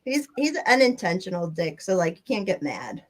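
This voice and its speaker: A woman's voice: lowish voice, big pitch swings, brisk. A woman guesting on a podcast in casual chat, talking freely and swearing often.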